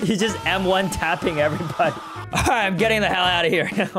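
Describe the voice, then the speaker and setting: A man's voice: sits high, quick pace, sharp tone, faint music behind. A young man giving playful gameplay commentary, laughing often and teasing other players. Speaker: gaming YouTuber.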